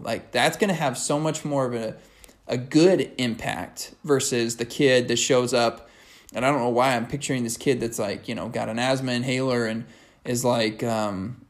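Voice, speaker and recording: A man's voice: mid-range voice, normal speed. Upbeat young man rambling casually. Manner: energetic, rambling, many "like" fillers. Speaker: podcast host. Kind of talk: casual motivational monologue.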